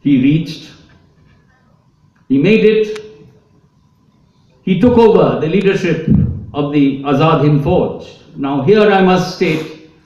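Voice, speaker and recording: A man's voice: fairly high pitch, darkish tone. Man lecturing in an echoey hall. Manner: storytelling, apologetic asides, emotional. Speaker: speaker giving a public talk. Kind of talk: public lecture with slides. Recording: echoey hall, distant mic, dull sound.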